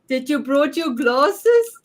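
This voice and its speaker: A woman's voice: sits high, very animated, takes it slowly. A woman hosting an online summit over a video call, gushing and effusive with her guests. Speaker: summit host.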